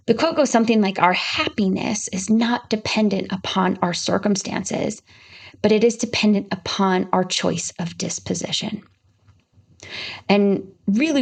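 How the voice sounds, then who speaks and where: Woman podcast host telling a story. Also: mid-range voice. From Michigan. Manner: warm, reflective storytelling with many "you know" fillers. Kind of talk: casual podcast monologue.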